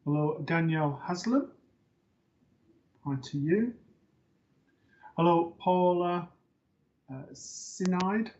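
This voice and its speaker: Male host, medium, chatty with fillers, higher voice, muffled stream audio. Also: takes it slowly, long pauses. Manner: relaxed, hesitant with fillers. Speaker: psychic medium hosting a live show. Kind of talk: live-stream host talk.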